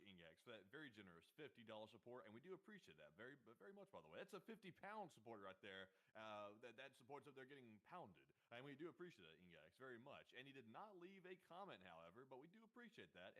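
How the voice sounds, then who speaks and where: Quick, lively man co-hosting. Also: mid-range voice, rough recording. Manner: animated, laughs often. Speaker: co-host reading super chats. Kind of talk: casual chat.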